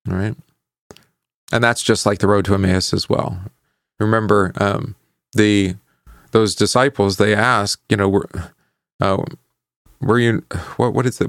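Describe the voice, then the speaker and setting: A man leads a Bible study lesson with a low, gravelly voice. He talks in a conversational, questioning way, tagging his points with "right?" and stumbling over fillers as he recalls verses. The sound is dry and close, with no room around it. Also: no room sound. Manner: halting, with many fillers while recalling verses. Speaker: pastor teaching a Bible class.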